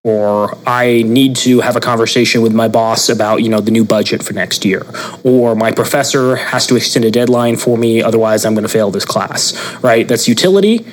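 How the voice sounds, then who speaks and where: A young man talks in a loose podcast chat, his voice sitting at an ordinary middle pitch. He tells stories with animation, slipping into quick impressions of the people he quotes. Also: poor audio. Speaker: podcast co-host. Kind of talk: casual conversational chat.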